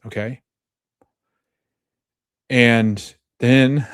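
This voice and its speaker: A man's voice: mid-range voice, little pitch movement, slow, pauses often, clear, resonant tone, no echo, studio quality. A man hosting a podcast, retelling scenes in casual chat, reading quoted lines and often correcting himself. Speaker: podcast host.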